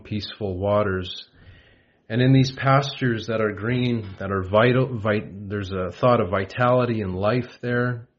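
Male preacher, slow and gentle devotional delivery, dull lo-fi recording. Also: fairly low pitch. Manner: gentle, unhurried, with frequent pauses and fillers. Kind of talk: devotional Bible talk.

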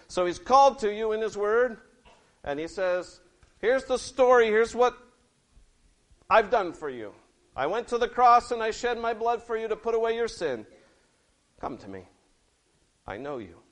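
High-voiced expressive male preacher. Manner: lively, expressive storytelling with big swings in pitch and loudness. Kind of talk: children's sermon.

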